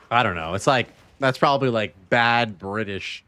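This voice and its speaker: A man's voice: mid-range voice, moderate pace, few pauses, bright, forceful tone, smooth. A man streaming a game, casually chatting with his viewers in a laid-back, rambling way. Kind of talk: casual gaming stream chat.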